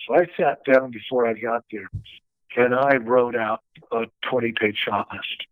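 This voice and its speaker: A man tells stories from his years as a stunt coordinator and acts out the lines of the people he quotes. His voice sits at a middle pitch and sounds dry and close. It comes through a narrow, tinny, phone-like line. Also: a little slow, no room sound. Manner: animated storyteller acting out quoted dialogue. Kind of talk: storytelling interview.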